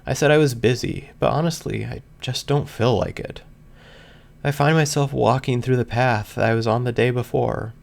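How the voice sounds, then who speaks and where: Gravelly man reading a story aloud. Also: medium pitch, fairly even intonation, normal speed. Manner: earnest, emotional first-person reading. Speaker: reader. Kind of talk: scripted fan fiction narration.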